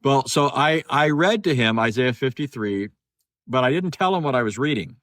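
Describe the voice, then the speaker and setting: A man tells a story on a phone video call, in a relaxed, chatty way. He repeats himself often and acts out both sides of a conversation. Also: medium pitch, moderate pace. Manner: chatty, repeats words, acts out quoted dialogue. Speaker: guest speaker. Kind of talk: casual storytelling in a live discussion.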